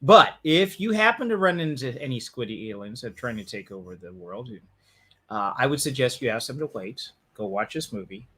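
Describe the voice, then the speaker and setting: A man hosting a casual film review chat, joking and animated, often restarting his sentences. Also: medium pitch, brisk, breathy edge. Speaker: podcast host reviewing a film.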